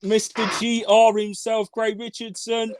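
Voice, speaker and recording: A man's voice: sits high, moderate pace, dry recording. An English man co-hosting a live fan stream, joking and reading out viewer comments. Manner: jokey, laughing, reads comments aloud. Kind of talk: casual live-stream banter.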